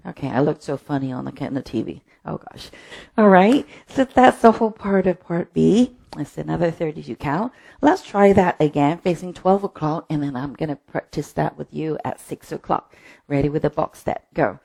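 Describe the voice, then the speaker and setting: A woman's voice: lowish voice, expressive, moderate pace, vocal fry, warm tone. A woman teaching a line dance from home, calling out steps and counts in short bursts and often checking in with "okay?". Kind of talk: dance lesson with counted cues. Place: her own home. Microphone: streaming setup.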